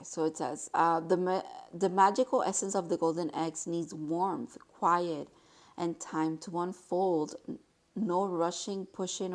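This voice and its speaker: A woman with a fairly low voice gives a casual tarot reading to her viewers. She is excitable and gushing, exclaiming often, and slows to a softer tone when she reads card text aloud. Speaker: tarot reader.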